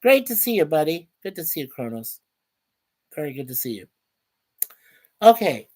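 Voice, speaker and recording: A man's voice: a little high, sing-song, normal speed, a little mellow, slightly rough. Chatty man hosting a casual livestream. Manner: reads viewer comments aloud and greets viewers by name; chatty, stumbles and repeats words. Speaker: livestream host.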